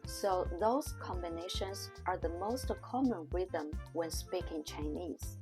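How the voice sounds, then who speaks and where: A woman teaching a language lesson in a scripted way, speaking slowly and carefully and demonstrating sounds one at a time. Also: lowish voice. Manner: slow, careful, demonstrating tones on single syllables.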